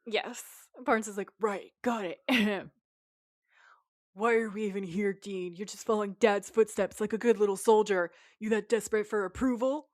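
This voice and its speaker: A woman co-hosts a podcast in a relaxed, chatty way, walking through an episode and reading out the characters' dialogue. Her voice sits in the middle of the female range. The sound is close and dry, with no room echo. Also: mid-range voice, normal speed. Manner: retells scenes while quoting the characters' lines. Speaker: podcast co-host. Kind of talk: casual episode recap chat.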